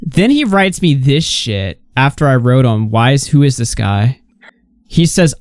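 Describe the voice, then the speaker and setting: Animated male podcast host, dry sound. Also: medium pitch, normal speed, no echo. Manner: animated storytelling, mocking others' tweets in put-on voices. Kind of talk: casual podcast chat.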